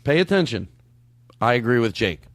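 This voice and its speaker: A man hosting a comedy podcast, joking excitedly, swearing and laughing often in casual banter. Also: mid-range voice, normal speed, no room sound, clean studio sound. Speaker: podcast host.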